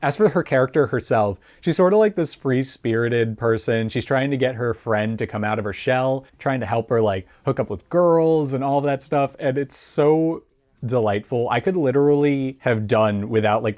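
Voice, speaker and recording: A man's voice: mid-range voice, normal speed, a little mellow. A man giving a casual spoken film review, rambling and chatty with many fillers and frequent laughs.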